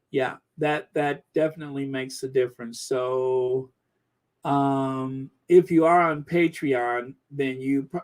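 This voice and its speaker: Slow-talking chatty man. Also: medium pitch. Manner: chatty, rambling, many fillers and restarts. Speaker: channel host reading viewer comments. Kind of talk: casual live-stream chat.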